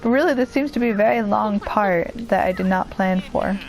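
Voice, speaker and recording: Chatty woman with gravelly fry. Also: medium pitch, brisk, darkish tone, rough recording. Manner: rambling, self-deprecating, chatty. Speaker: let's play commentator. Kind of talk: casual gameplay commentary.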